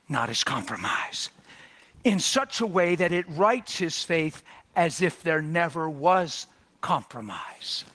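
A male preacher delivering a sermon with a bright, forceful voice pitched a touch high. He is animated and dramatic, rising to loud bursts and dropping to hushed near-whispers as he acts out the people in his story.

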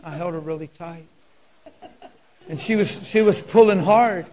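A male pastor, preaching a sermon in a conversational style and telling personal stories with deep emotion. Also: a little slow, darkish tone, slight background noise.

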